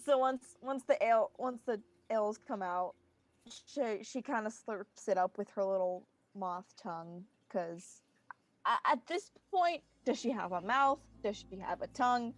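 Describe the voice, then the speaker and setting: A woman's voice: medium pitch, lively intonation, a little slow. A woman player chatting casually at a tabletop game, giggly and chatty.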